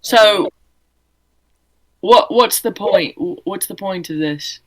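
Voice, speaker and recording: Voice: mid-range voice, takes it slowly, rough recording. A player in a tabletop game, asking pointed, sarcastic questions.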